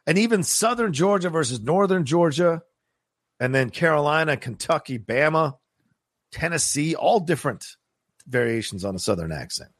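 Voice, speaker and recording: A man co-hosting a podcast in casual chat, animated and swearing casually. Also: fairly high pitch, normal speed, no room sound, studio quality. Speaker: podcast co-host.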